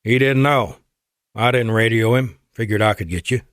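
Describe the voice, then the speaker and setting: A man doing a calm Texan colonel. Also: mid-range voice, normal speed, clean tone, dry recording, clean studio sound, natural voice. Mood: wry. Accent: Texas. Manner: steady, reassuring commands. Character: big male Air Force colonel, calm and cocky.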